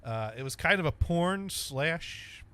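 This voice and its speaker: A man's voice: on the high side, lively intonation, slow, pushed and bright, smooth. A man hosting a casual podcast chat, rambling and stammering with lots of ums and uhs. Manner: rambling, stammering with many fillers. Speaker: podcast host.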